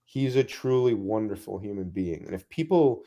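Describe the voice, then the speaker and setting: A man, a guest in a casual interview, telling rambling, animated stories full of asides. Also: fairly low pitch, moderate pace, muffled recording.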